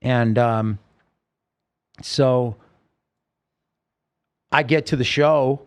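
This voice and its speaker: A singer-songwriter guest on a podcast, telling a personal story earnestly and emotionally in halting sentences full of restarts. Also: male voice, medium pitch, smooth.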